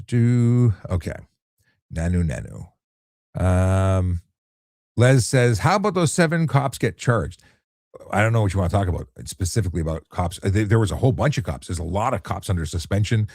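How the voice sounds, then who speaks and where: Male cop host, deep mellow voice, laid-back live Q&A, dry close sound. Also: animated, brisk, no room sound. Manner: easygoing, often repeats words when restarting. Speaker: traffic cop and livestream host. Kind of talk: relaxed late-night live chat answering viewer questions.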